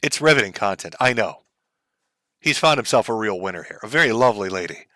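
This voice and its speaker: A man's voice: fairly low pitch, animated, brisk, bright, forceful tone, no room sound. A middle-aged man giving sarcastic, mocking commentary on a live stream for his chat.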